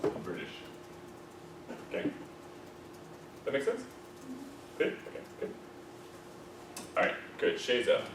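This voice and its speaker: A man's voice: mid-range voice, slow, creaky, long pauses. American man coaching diction in an echoey classroom. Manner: demonstrates words, lively corrective feedback. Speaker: diction teacher. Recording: echoey classroom, distant mic, background noise.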